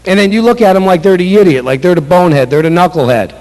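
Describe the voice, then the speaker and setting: A man's voice: high-pitched, fast, a little mellow. A man running a sales seminar, speaking emphatically, repeating key points and acting out sample sales calls. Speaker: sales trainer. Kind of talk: motivational sales seminar talk. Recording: echoey hall with long reverb.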